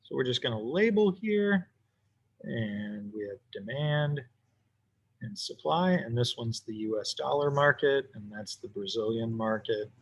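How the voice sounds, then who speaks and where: A man teaching economics in a relaxed, offhand way, thinking aloud as he sketches graphs for an online class. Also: mid-range voice, unhurried, slightly rough, highs cut off. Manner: casual, talks to himself while drawing. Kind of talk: recorded lesson while sketching graphs.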